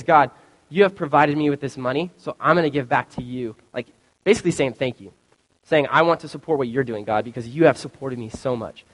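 A young man preaching a casual sermon as a youth pastor, telling stories with animated acted-out reactions. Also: on the high side. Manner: animated storytelling, acts out his own reactions. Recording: long reverb of a hall.

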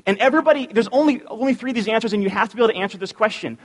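A man with a notably high voice delivers a relaxed, joke-filled sermon with lots of energy. He sounds like a youth pastor speaking to his congregation. His voice rings out with the long, lingering reverb of a church hall. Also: rapid-fire. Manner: energetic and animated, cracks jokes. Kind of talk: casual, joking sermon. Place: church sanctuary.

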